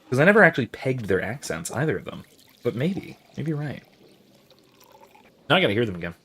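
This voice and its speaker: A man's voice: medium pitch, sing-song, a little fast, pauses often, bright, forceful tone, husky. A man hosting a gaming channel, giving casual, professorial explanations while he plays, rambling with many fillers and restarts and reacting to viewer chat.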